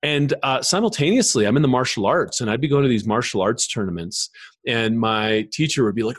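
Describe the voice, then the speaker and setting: Animated man telling stories in a dry studio. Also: medium pitch, moderate pace, breathy edge, no echo. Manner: animated, acts out quoted voices, many fillers. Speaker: podcast guest. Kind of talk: casual storytelling interview.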